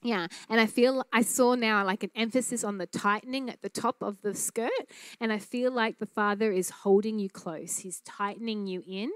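A woman teaching a church class on prophetic prayer, speaking in an earnest, conversational way with frequent fillers and quick laughs. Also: medium pitch, fairly even intonation, clear, resonant tone, no echo.

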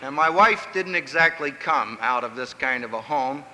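A man's voice: medium pitch, lively intonation, normal speed, long reverb tail, noisy background. A man from Pennsylvania giving an emphatic, story-filled talk on family life, acting out the voices he quotes. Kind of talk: sermon-style lecture with stories.

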